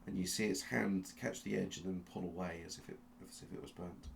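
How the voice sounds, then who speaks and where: Game master, male, deep and gravelly, slow suspenseful narration with restarts. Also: fairly even intonation, a little hiss or hum. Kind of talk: dramatic second-person narration of a tabletop game.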